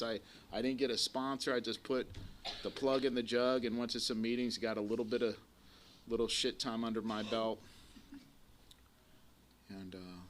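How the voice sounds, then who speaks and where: A man's voice: mid-range voice, a bit bright, a little hiss or hum. A man in his forties speaking at a recovery meeting, telling his story bluntly with plenty of swearing and a rambling flow. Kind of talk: personal recovery share to a live audience. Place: community center meeting room. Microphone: live recording of a talk to an audience.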